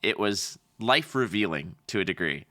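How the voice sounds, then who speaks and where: A man from Canada trades jokes as a podcast co-host, his voice bright and lively. The pitch moves a lot, and he keeps the banter playful and animated. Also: normal speed. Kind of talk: casual chat.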